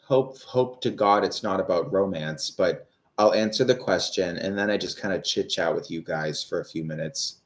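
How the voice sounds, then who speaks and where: A man's voice: sits low, normal speed, hardly any pauses. A man in his thirties giving live-stream tarot readings, rambling and hesitant with many fillers. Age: 30s. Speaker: tarot reader.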